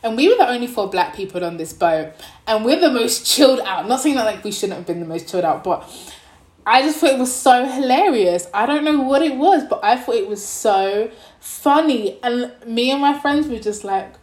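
A young woman vlogging, telling a story in a casual, animated way and acting out the people in it. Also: a little high, moderate pace, roomy sound.

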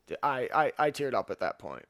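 A man's voice: medium pitch, big pitch swings, a little fast, fairly bright tone. A young man co-hosting a casual movie chat, enthusiastic and joking, swearing freely. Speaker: podcast co-host. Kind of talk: casual film discussion.

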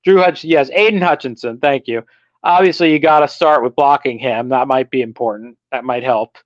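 A man's voice: medium pitch, moderate pace, no echo, lo-fi sound. A man co-hosting a casual sports podcast, blunt and opinionated, laughing as he rants. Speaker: podcast co-host.

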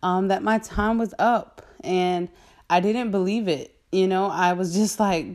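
Low-voiced woman telling her story. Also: measured pace. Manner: earnest and animated, with frequent "um" and "like" and laughs mid-sentence. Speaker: vlogger sharing a personal faith testimony. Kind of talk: casual spoken testimony to viewers.

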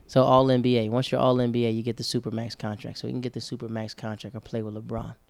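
A man's voice: mid-range voice, level tone, quick pace, creaky, a little hiss or hum. A man in casual chat as podcast co-host, rambling and chatty, often correcting himself.

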